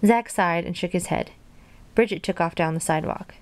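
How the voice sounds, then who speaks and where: A woman reading a children's storybook aloud in a plain, gentle way, dropping in casual asides. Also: on the low side, moderate pace. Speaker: storybook reader.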